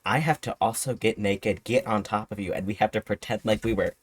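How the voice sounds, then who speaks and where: A man's voice: lowish voice, fairly quick, husky, no echo. A man doing a brazen, flirty woman. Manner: blunt, profane.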